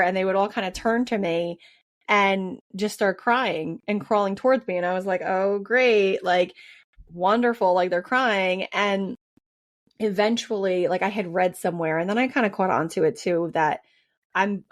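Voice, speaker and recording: A woman's voice: medium pitch, moderate pace. Chatty woman podcast host. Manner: chatty, lots of fillers and restarts. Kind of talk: casual podcast chat.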